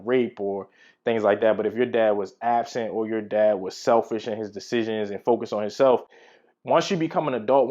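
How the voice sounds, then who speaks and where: Brief: male Bible teacher, conversational storytelling, medium pitch, a bit lo-fi. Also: darkish tone. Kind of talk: casual teaching talk with personal stories.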